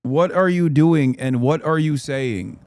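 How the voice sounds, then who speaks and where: Male streamer, reaction commentary, fast and argumentative, smooth resonant voice, dry close sound. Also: fairly high pitch, darkish tone, no room sound. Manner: rapid, argumentative, exasperated. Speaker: streamer host.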